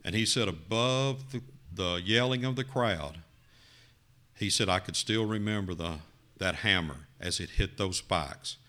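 Preacher guy, lowish voice, storytelling sermon, gets loud then real quiet. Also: measured pace. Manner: dramatic, rising to loud emphasis then dropping low.

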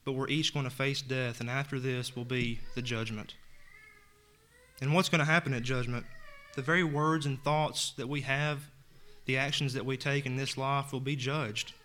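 A man's voice: mid-range voice, steady tone, moderate pace, fairly bright tone. A man preaching a sermon in an earnest tone, reading scripture aloud and retelling it in plain words.

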